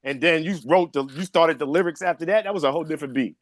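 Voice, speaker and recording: Animated male co-host, fumbles for words, slightly high, dry mic. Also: quick pace, dry recording. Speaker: podcast co-host. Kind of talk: casual chat.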